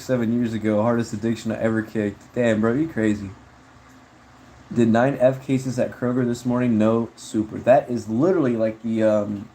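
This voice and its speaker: A man's voice: mid-range voice, mellow, a little hiss or hum, poor audio. A man chatting casually on a livestream, reading chat in a rambling, slangy way with frequent laughs.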